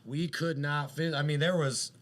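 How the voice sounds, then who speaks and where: A man's voice: fairly high pitch, fairly even intonation, normal speed. A man on a podcast telling a long story in casual chat, rambling and profane, with lots of fillers. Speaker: podcast co-host.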